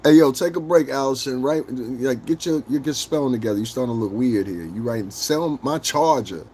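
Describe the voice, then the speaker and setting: A man livestreaming casual chat with his viewers, joking, swearing and laughing often as he rambles and acts out quick bits. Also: mid-range voice, a little mellow, slight background noise. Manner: talks straight to chat, rambling with restarts.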